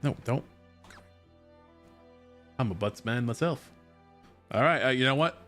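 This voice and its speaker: Soft music sits beneath this man's medium-pitched, fairly bright voice as he plays a video game on stream. Unhurried and lively in intonation, he chats casually, cracks jokes with his audience, and voices the game text aloud.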